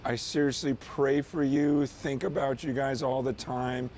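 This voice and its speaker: A man's voice: medium pitch, little pitch movement, unhurried, a little mellow, a little hiss or hum. A man pastor sending a casual, earnest video message to his church, talking conversationally with frequent "you know" and "man".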